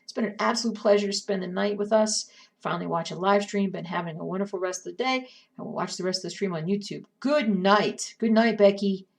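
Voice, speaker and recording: A woman's voice: medium pitch, fairly quick, vocal fry. Cross-stitch streamer, woman, mid-range voice, casual running chatter, heard from a little distance. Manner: chatty, talks to herself and chat while working. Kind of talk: casual live-stream chat while stitching.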